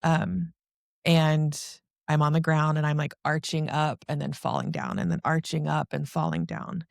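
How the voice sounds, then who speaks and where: A woman's voice: low-pitched, normal speed, vocal fry, no room sound, clean studio sound. A woman, a podcast guest, telling a personal story emotionally, with many "like" fillers and a racing, breathless manner.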